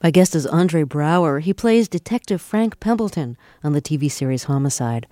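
A woman with a low voice hosts a radio interview. She asks curious, probing questions. Her voice sounds close and dry in the studio. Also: expressive, moderate pace, dark tone, dry recording. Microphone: studio mic.

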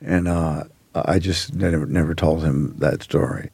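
A man in his forties from Australia who now speaks with an American accent, telling rambling stories as an actor guest in a relaxed interview. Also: rumbling low, measured pace, vocal fry, slightly rough, dry recording. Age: 40s. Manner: rambling anecdotal storyteller.

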